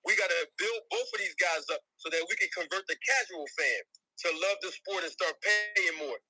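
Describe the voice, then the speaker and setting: A man's voice: high-pitched, moderate pace, sharp tone, slightly rough, no room sound, low-quality recording. A man, a boxing manager, talking emphatically in a podcast discussion.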